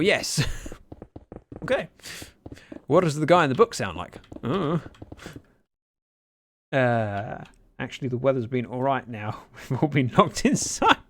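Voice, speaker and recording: British man, game streamer, casual chat, bouncy delivery, gravelly edge, dry humour. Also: medium pitch, a bit bright, a little hiss or hum. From Britain. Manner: chatty, reads viewer chat aloud, dry self-mocking humour. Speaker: livestreamer. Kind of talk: casual livestream chat while gaming.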